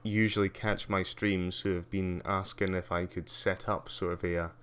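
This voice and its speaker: Male streamer, very low pitch, smooth resonant tone, loose and chatty with frequent fillers and dry asides. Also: level tone, moderate pace, a bit bright. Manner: rambling, many ums and uhs, wry asides. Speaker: livestreamer. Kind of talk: casual live-stream commentary giving a tour.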